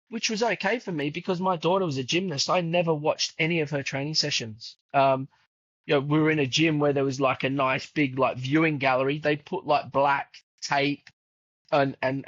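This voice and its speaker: Slightly high and a bit bright, the voice belongs to a man in his fifties whose son plays football; as a podcast guest he spins chatty stories packed with fillers and acted-out quotes. It's a dry, dull, lo-fi recording.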